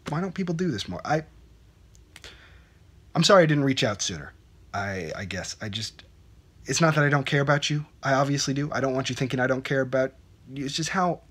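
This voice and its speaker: A young man playing an awkward, self-doubting young man who rambles and stammers, restarting his sentences in a low-budget comedy web series. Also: fairly bright tone, husky. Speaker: main character.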